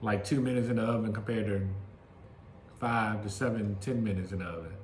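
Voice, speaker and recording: A man's voice: fairly low pitch, fairly even intonation, brisk, darkish tone, reverberant, a little hiss or hum. A laid-back, joking man, chatting beside his partner in a casual vlog. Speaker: vlogger's partner.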